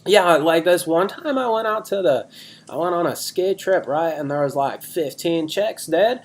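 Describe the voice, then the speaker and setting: A man's voice: a little high, lively intonation, moderate pace, voice pushed up, natural voice. A man doing a crude, boastful bro character who keeps saying "dude", recorded over a video call. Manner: brash, crude bragging, repeats "dude".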